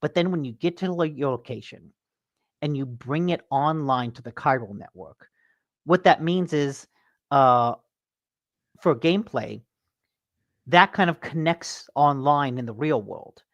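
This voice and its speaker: A man hosting a casual gaming podcast, an animated storyteller who swears freely. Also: fairly high pitch, unhurried, long pauses, no room sound, lo-fi sound. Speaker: podcast host.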